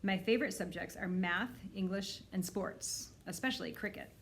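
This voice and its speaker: Woman, librarian, reads a children's book aloud, clear steady storytelling, mid pitch. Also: moderate pace, slight background noise.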